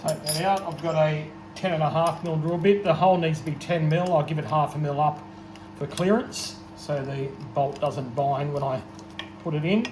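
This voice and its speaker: A man's voice: on the high side, moderate pace. A man with an Australian accent, casually narrating his work in a home workshop with self-deprecating jokes. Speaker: home machinist. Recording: echoey workshop with loud machine noise.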